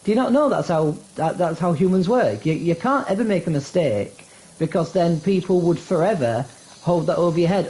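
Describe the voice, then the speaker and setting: Sarcastic man, mellow voice. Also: on the high side, lively intonation, normal speed, slight background noise, poor audio. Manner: dry, sarcastic joking. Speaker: co-host guest. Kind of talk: casual chat while playing a game.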